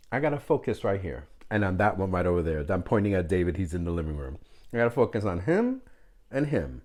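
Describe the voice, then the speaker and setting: Candid low-voiced man vlogging. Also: darkish tone. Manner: candid, joking, chatty with viewers; drops Spanish phrases. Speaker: food vlogger. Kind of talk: casual mukbang vlog to camera. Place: home.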